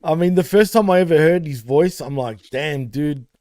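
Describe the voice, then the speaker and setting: A man's voice: fairly high pitch, expressive, a little fast, warm tone, dry recording. A man co-hosting a wrestling podcast, paying a rambling, heartfelt tribute to a late friend, full of fillers. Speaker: podcast co-host.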